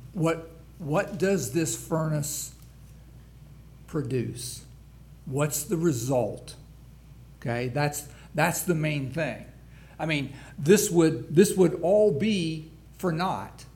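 Slow-preaching man pastor. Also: fairly high pitch, darkish tone. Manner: preaching with rising emphasis on scripture, many restarts and throat clearing. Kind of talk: sermon.

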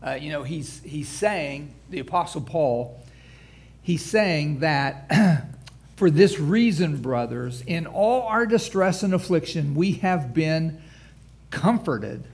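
Man pastor, slightly high voice, preaching slowly, building emphasis, clears his throat often. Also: expressive, darkish tone. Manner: preaching with rising emphasis on scripture, many restarts and throat clearing. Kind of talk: sermon.

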